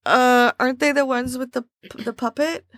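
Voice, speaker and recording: A young woman co-hosting a podcast, recapping in relaxed casual chat with plenty of fillers. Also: sits high, moderate pace, no room sound, studio quality. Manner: relaxed, filler-heavy storytelling. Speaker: podcast co-host.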